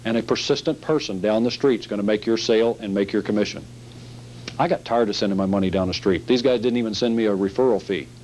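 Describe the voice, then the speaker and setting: A man's voice: on the low side, fast talker, darkish tone, a little hiss or hum, rough recording. A man teaching a sales training seminar, emphatic and repetitive, acting out sales scenes as he goes.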